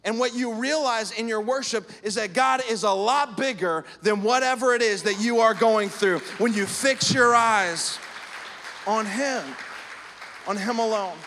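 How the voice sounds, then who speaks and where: A man in his thirties or forties preaching to his congregation in a chatty, conversational way, slipping into playful imitations as he tells stories. His voice sits high for a man. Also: unhurried, sharp tone, some chatter behind, slight background noise. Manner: conversational preaching with acted-out anecdotes. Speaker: pastor. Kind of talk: sermon.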